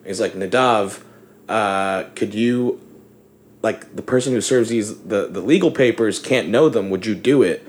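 A young man hosting a casual chat, telling an animated story with lots of laughter and swearing. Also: fairly low pitch, measured pace, a little hiss or hum. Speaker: podcast host.

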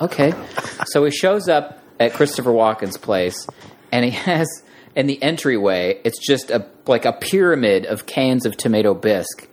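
A man's voice: mid-range voice, normal speed. A man co-hosting a podcast tells a story with lots of animation, his mid-range voice jumping around as he acts out the quotes. There is faint noise in the background. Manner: animated anecdote telling with acted-out quotes. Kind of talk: casual storytelling.

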